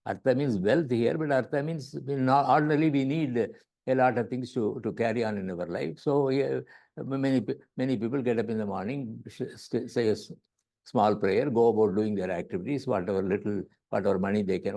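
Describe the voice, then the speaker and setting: Gravelly Indian man teaching scripture. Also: medium pitch, brisk, dark tone. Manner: repeats words and checks in with "right?". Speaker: yoga teacher. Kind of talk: lecture on scripture.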